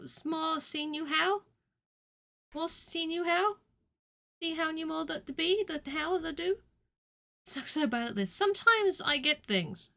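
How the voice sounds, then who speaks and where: A woman streamer chatting casually over a game, self-mocking and prone to sudden loud shouting. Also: sits high. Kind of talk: casual gameplay commentary. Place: home.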